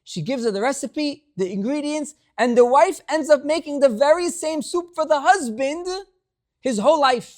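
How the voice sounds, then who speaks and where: A male rabbi delivering a sermon through a story. He speaks animatedly, moving between hushed asides and loud, emphatic lines. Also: very high voice, expressive, moderate pace.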